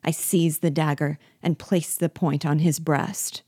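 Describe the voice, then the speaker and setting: A woman reading a classic novel aloud in a measured, expressive storytelling manner. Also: deep voice, breathy edge, no room sound, studio quality. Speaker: reader.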